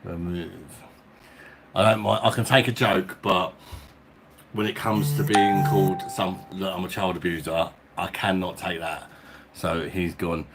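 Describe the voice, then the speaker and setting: A man from England with a slightly low voice hosts a casual live stream from home. He greets viewers by name and calls everyone mate in blokey slang. A faint hiss sits under his voice. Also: fairly even intonation, unhurried. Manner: chatty, reads out viewer names and greets them. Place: at home, indoors.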